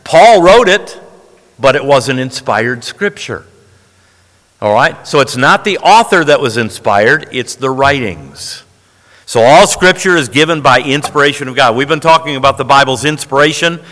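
A man's voice: mid-range voice, animated, normal speed, bright, forceful tone, big-room sound. A man preaching a sermon to a congregation, emphatic and folksy, often asking "all right?". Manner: emphatic, frequent "all right?" check-ins.

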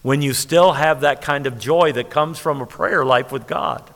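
A man preaching a sermon, emphatic and lively, stretching key words and laughing at his own points. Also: mid-range voice, normal speed, creaky. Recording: long hall reverb.

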